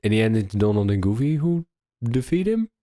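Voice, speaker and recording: Low, mellow man chiming in with short, casual reactions. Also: sing-song, fairly quick.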